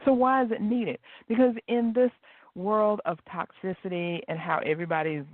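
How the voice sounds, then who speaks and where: A man's voice: high-pitched, steady tone, normal speed, dry recording. A man hosting a motivational podcast, telling stories with animation and acting out the quoted dialogue. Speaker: podcast host. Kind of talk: motivational solo podcast talk. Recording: dry, tinny phone-like line.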